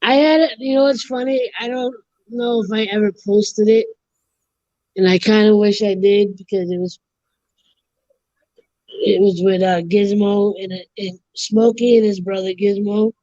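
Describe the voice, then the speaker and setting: Animated woman telling comedy stories. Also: medium pitch, a little slow, no room sound, lo-fi sound. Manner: animated storyteller who acts out quoted comedy lines. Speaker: co-host. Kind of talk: casual chat.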